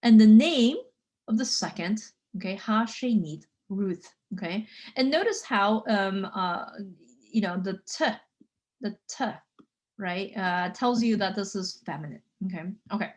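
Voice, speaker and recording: A woman lecturing on biblical Hebrew in a chatty way, full of fillers and frequent "okay?" checks, slowing down to sound out words. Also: medium pitch, lively intonation, darkish tone. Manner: spells out Hebrew words slowly.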